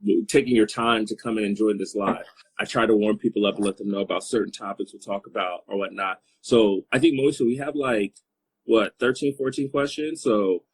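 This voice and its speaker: A man's voice: fairly low pitch, steady tone, fairly quick, breathy edge, rough recording. A man hosting a podcast, teasing his guest and joking in a casual, filler-heavy chat. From Congo. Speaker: podcast host.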